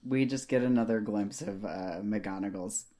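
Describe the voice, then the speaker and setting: A woman co-hosting a casual book discussion podcast, musing in a wry, unhurried way. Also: rumbling low, dark tone. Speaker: podcast co-host.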